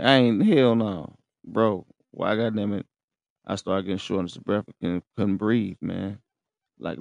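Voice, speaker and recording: A man's voice: fairly low pitch, vocal fry, a little mellow, no room sound. A man hosting his own podcast, telling a personal story in a loose, profane, casual way and speaking straight to his listeners. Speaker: podcast host.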